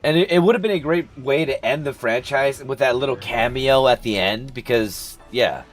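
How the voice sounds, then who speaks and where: A man's voice: medium pitch, expressive, moderate pace, soft background music. Profane ranting man on a game stream. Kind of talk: casual live-stream chat.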